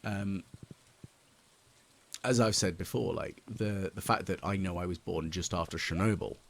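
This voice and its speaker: A man's voice: deep voice, measured pace, vocal fry. A man in his late thirties rambling over a farming game, musing and mocking himself with lots of ums. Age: late 30s. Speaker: gaming channel host. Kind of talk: casual let's play commentary.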